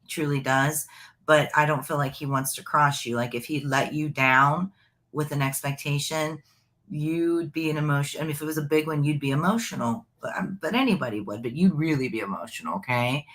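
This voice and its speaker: A woman with a low voice gives a psychic reading live. She rambles in a chatty, familiar way, looping back over her points. She calls the listener "honey.". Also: a little fast, a bit bright.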